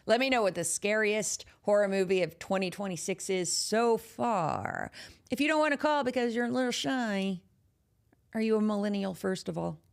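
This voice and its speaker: Gravelly Texan woman hosting a horror podcast. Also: medium pitch, animated, moderate pace. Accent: Texas. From Texas. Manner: chatty and playful, teasing the audience. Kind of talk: casual live podcast chat.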